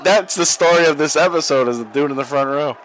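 A man's voice: on the high side, fast talker, fairly bright tone, slight background noise. A man co-hosting a podcast, chatting casually and crudely with lots of swearing while watching wrestling. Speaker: podcast co-host. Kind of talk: casual watch-along chat. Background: wrestling broadcast playing.

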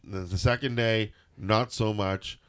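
A man's voice: on the low side, fairly even intonation, measured pace, clear, resonant tone. A man co-hosting a podcast, giving a rambling, jokey wrestling recap in casual chat. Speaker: podcast co-host.

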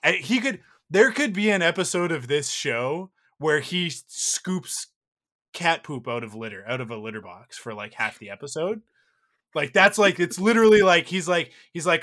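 A man's voice: fairly high pitch, lively intonation, normal speed, sharp tone. A man in his thirties co-hosting a casual podcast chat, gushing and rambling with playful exaggeration. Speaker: podcast co-host.

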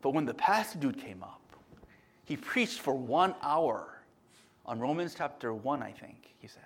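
A man preaching a sermon, telling stories with lots of "right?" tag questions and swinging between loud bursts and hushed murmurs. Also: mid-range voice, expressive, measured pace, slightly rough. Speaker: pastor.

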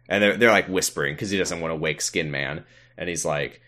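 A man co-hosting a podcast, recapping an episode in a rambling, deadpan way with profane asides. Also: rumbling low, fairly quick. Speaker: podcast co-host. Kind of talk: casual chat recapping an episode.

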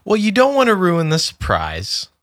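A man co-hosting a podcast, cracking jokes and interrupting with quick questions. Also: sits high, wildly swooping pitch, fairly bright tone, no echo, clean studio sound. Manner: joking, interjecting, laughs a lot. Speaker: podcast co-host. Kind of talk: casual chat.

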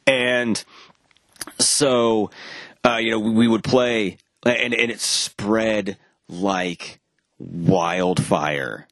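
In a studio-quality recording with no room sound, a man with a fairly low voice tells a long anecdote in casual chat. He's animated, acting out the quoted dialogue, rambling with frequent restarts and the odd swear word.

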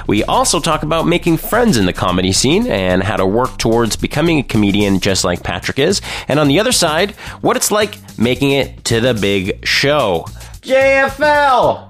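A man's voice: mid-range voice, big pitch swings, a bit bright, faint music behind. A man hosting a podcast, chatting loosely and rambling with his guests on a close mic. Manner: loose, rambling, quick to laugh. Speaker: podcast host. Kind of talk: casual interview chat.

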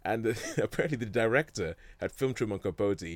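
Rambling low-voiced man chatting about films. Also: lively intonation, a little fast, no room sound. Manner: rambling, many fillers and restarts, chuckles often. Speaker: film discussion host. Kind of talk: casual chat about films.

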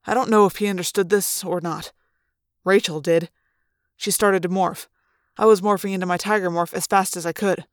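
A woman narrating a young-adult novel as a dramatic audiobook reading, slow and deliberate. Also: lowish voice, steady tone, dry recording, studio quality.

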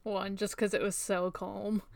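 A woman's voice: mid-range voice, little pitch movement, measured pace, vocal fry, a little mellow, dry recording. A woman co-hosting a podcast, dropping dry joking asides in casual movie chat. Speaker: podcast co-host.

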